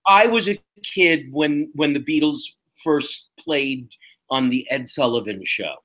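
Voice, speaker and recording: A man in his sixties co-hosting a podcast in casual chat, musing and opinionated with drawn-out phrasing. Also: fairly high pitch, fairly bright tone. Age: 60s. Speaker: podcast co-host.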